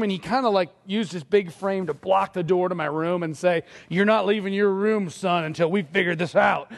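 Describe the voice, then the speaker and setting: Gravelly high-voiced pastor in a big hall. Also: male voice. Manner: conversational preaching with personal stories and laughs. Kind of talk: sermon. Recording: long reverb of a large hall.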